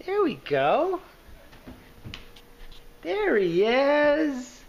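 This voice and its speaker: A woman's voice: high-pitched, huge pitch swings, extremely slow, creaky, a little hiss or hum. A woman at home, playfully coaxing a baby for photos in a home video. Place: home, indoors. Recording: dull home video sound.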